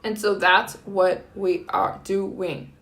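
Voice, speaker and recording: A young woman from the United States talks casually on a live stream and addresses her viewers directly. She speaks slowly and unhurriedly, in a mid-pitched voice, as she greets and thanks people in the chat. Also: flat delivery, a bit bright. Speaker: travel vlogger live streaming.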